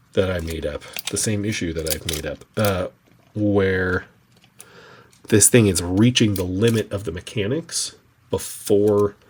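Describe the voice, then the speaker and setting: Working on a VCR, a male streamer thinks out loud in a casual, rambling mutter. His voice sits on the low side and sounds a little mellow, recorded through a webcam mic with slight background noise.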